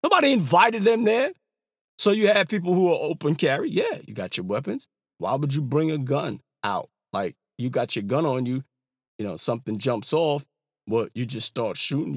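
A man's voice: on the high side, fairly bright tone, no echo, clean studio sound. A man giving heated political commentary, emphatic and repeating himself, with casual slang.

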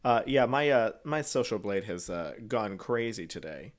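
A man hosting a casual podcast chat, giggly and animated, laughing often. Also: fairly low pitch, normal speed. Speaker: podcast host.

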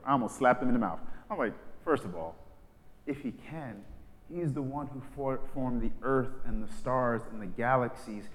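A male pastor preaching a sermon, swinging from hushed, intimate passages to loud, fervent ones. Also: medium pitch, normal speed. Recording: long hall reverb.

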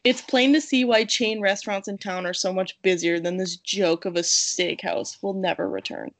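A woman's voice: medium pitch, steady tone, moderate pace, gravelly. A woman co-hosting a casual chat, reading restaurant reviews aloud and laughing between lines. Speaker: podcast co-host reading reviews.

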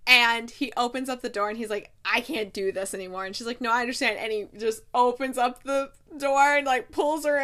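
A woman book vlogger recapping a romance novel in casual chat, chatty and excitable, acting out quotes and laughing often. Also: on the high side, fairly quick, hardly any pauses.

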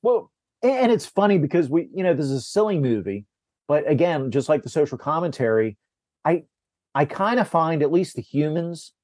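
A man in casual podcast chat, retelling a film's plot scene by scene and slipping into quick impressions of the characters. His speech is full of restarts and repeated words. The sound is dry and close, with no room behind him. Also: on the high side, sing-song, darkish tone, no echo. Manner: rambling recap, acts out character lines, frequent restarts. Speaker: podcast host. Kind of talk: casual movie discussion.

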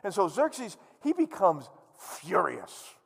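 A male pastor preaching with a high, very lively voice that swoops up and down as he teases the crowd. His words ring through a church hall with a long reverb. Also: takes it slowly, vocal fry, husky. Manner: animated, humorous, jokes with the audience. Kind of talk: sermon.

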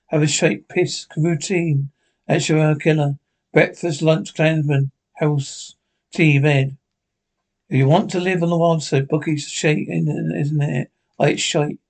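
Bickering old Scottish pensioners. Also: male voice, on the high side. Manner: quick, sweary, deadpan banter. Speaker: sitcom characters. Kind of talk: scripted sitcom dialogue.

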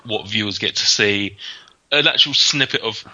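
A man's voice: on the low side, moderate pace, sharp tone. A man telling casual, rambling anecdotes in a chat, full of fillers and restarts. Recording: dull lo-fi sound.

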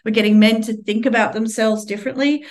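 A woman's voice: a little high, fairly even intonation, fast. A woman with an Australian accent, a charity representative answering interview questions in an earnest, explanatory way with frequent restarts.

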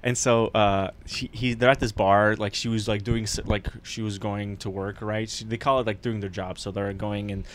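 A man's voice: on the low side, little pitch movement, moderate pace, few pauses, slight background noise. A man hosting a podcast, casually retelling a story with lots of fillers, restarts and asides. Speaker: podcast host. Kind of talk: casual chat.

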